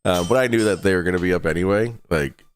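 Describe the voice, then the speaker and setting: A man's voice: deep voice, fast, a little hiss or hum. A tired man hosting a casual livestream from his home, rambling and swearing freely. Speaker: streamer host.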